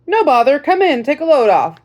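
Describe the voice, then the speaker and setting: Woman doing an old army sergeant, folksy, homespun, higher than her usual voice, audiobook. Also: sing-song, fairly quick, a little mellow. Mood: friendly.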